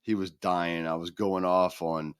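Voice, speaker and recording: Very deep-voiced man telling stories. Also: unhurried, clean tone, no echo, clean studio sound. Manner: animated storyteller, acts out quoted voices. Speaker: podcast co-host. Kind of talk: casual chat.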